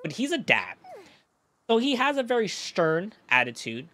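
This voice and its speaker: Brief: a streamer man, lively swinging pitch, casual and profane, keeps drifting off-topic to answer chat. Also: moderate pace, dry recording. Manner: rambling, profane, reacting to chat mid-story.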